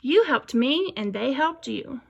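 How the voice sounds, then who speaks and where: Woman reading as a pompous storybook dump truck, unhurried, with some fry in the voice. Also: high-pitched, expressive, highs cut off, exaggerated voice. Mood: grateful. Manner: brusque and self-important. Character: big proud hurried male dump truck.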